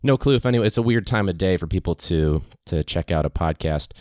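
A man's voice: low voice, lively intonation, a little fast, a little mellow, dry recording, studio quality. A man, a teacher, hosting his podcast in a casual, rambling monologue full of fillers. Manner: chatty, rambling, many fillers.

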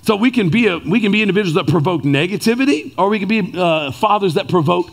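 Animated high-voiced male preacher. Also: fast. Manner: animated, conversational preaching with many "right?" asides. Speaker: pastor. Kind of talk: sermon.

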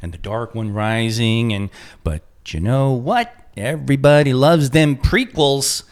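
A man's voice: medium pitch, animated, measured pace. Rambling man in casual chat. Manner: rambling, full of restarts and fillers.

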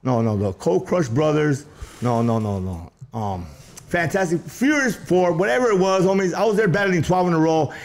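A middle-aged man talking in a rambling, animated way as the guest of a street interview, slipping into rhymes and Spanish asides. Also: fairly high pitch, normal speed, vocal fry.

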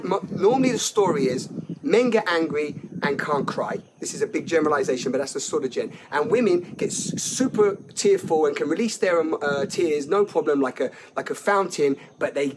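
Animated man with a higher voice. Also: a little hiss or hum. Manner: animated, laughs often, many restarts. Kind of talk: casual conversation on feelings.

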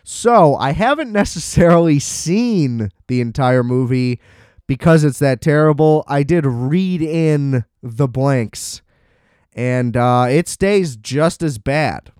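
A man's voice: on the high side, lively intonation, takes it slowly, a little mellow, smooth, dry recording, studio quality. A young man giving a casual, sarcastic movie recap, swearing and laughing often.

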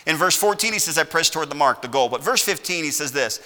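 Casting: middle-aged preacher, bright higher voice, folksy, keeps checking in with the congregation, church echo. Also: male voice, expressive, fast talker. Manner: folksy, keeps asking "all righty?". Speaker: pastor. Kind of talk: sermon. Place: church sanctuary.

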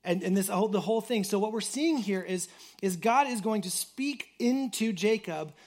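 Pastor, male, slightly high voice, casual earnest sermon delivery full of restarts. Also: normal speed, a little mellow. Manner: earnest, repeats words and says "like" often. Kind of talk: conversational sermon.

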